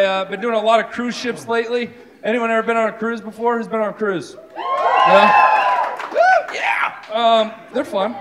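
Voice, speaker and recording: Male stand-up comic, animated and self-mocking, live-show sound with a roaring audience. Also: high-pitched, background noise. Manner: animated, self-deprecating, lots of asides. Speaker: stand-up comedian. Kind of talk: stand-up comedy. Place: live venue with stage. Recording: live show with loud crowd. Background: audience laughing.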